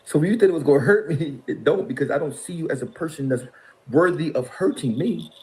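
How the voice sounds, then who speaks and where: A man's voice: a little high, brisk, a little mellow. A middle-aged man in an interview, ranting in a mocking, exasperated way and laughing between jabs. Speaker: interview guest. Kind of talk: heated call-out rant.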